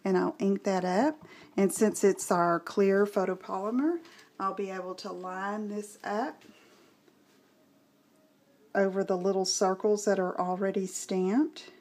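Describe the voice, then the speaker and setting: A woman's voice: medium pitch, steady tone, measured pace, darkish tone. A woman from Southeast Texas with a Southern accent, chatting casually through a card-making tutorial and thinking aloud as she works. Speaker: craft tutorial host. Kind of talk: casual craft demonstration.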